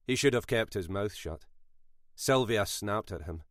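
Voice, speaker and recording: A man narrating a thriller audiobook in a measured, expressive way. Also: on the low side, no echo, studio quality.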